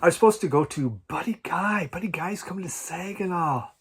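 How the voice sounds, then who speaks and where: A man chatting casually about his record collection at home, halting and restarting often and chuckling now and then. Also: high voice, lively intonation, slight background noise. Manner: halting, many restarts and repeated words. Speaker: vinyl record collecting vlogger. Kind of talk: casual rambling chat.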